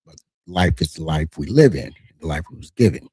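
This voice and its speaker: A middle-aged American man hosting his own commentary channel, his husky voice swinging up and down with lively energy. He talks casually and emphatically, stumbling over restarts as he pushes his points. The sound is dry and close. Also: rumbling low, a little fast, dry recording. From United States. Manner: animated, emphatic, frequent restarts. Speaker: channel host.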